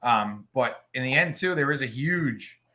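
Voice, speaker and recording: A man's voice: mid-range voice, lively intonation, unhurried, bright, forceful tone. A man co-hosting a podcast in casual chat, telling crude, joking stories. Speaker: podcast co-host.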